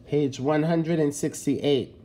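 A male teacher talking his pupils through an exercise at an unhurried pace. His voice is warm and mellow, and he explains each step patiently. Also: fairly high pitch, steady tone. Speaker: grade 5 teacher. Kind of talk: recorded classroom lesson.

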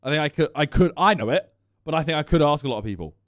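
A man streaming his reactions to a video, talking casually with animated, joking asides. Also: on the high side, very fast.

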